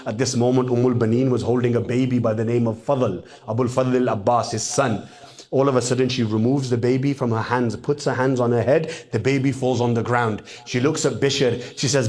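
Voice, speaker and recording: A man preaching a sermon, retelling stories and rising to impassioned, high-pitched calls when he quotes. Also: fairly even intonation, brisk, a little mellow. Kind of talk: sermon with dramatic storytelling.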